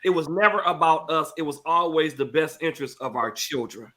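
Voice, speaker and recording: A man's voice: fairly high pitch, fairly quick, a bit bright. A middle-aged man, a pastor hosting the show, talking earnestly and repeating phrases for emphasis. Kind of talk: emotional talk-show testimony.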